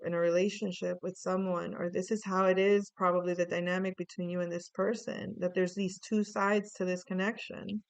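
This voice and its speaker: Smooth-voiced woman giving a rambling reading. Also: mid-range voice. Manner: rambling, many fillers and restarts, swearing, laughs often. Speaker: tarot reader. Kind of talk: casual spoken reading.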